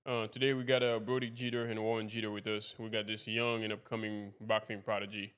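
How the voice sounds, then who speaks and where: A man's voice: lowish voice, flat delivery, fairly quick, a bit bright, clear, resonant tone. A man hosting a podcast interview, asking long rambling questions that loop back and restart. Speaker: podcast host. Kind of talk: casual interview.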